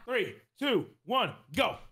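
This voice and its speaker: A man's voice: very high-pitched, very animated, takes it slowly, bright, forceful tone. A man playing a horror game with a friend, teasing him and laughing often in casual chat. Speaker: co-player. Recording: faint background noise.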